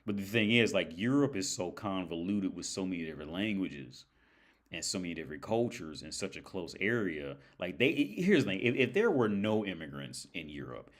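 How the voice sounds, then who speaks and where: Casting note: man, low voice with a very lively pitch, tired, rambling and profane livestream talk. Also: normal speed. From United States. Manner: rambling, profane, laughs often. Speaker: livestream host. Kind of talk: casual storytelling monologue.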